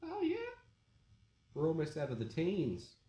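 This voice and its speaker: A man's voice: on the high side, measured pace. Joking Australian man, echoey room. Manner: joking, relaxed, swears. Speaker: tattoo artist and podcast host. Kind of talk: casual chat while tattooing.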